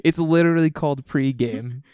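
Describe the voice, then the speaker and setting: A man's voice: fairly high pitch, normal speed, warm tone, smooth, dry recording, studio quality. Wry young man co-hosting a podcast. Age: young adult. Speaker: podcast co-host. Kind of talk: casual chat.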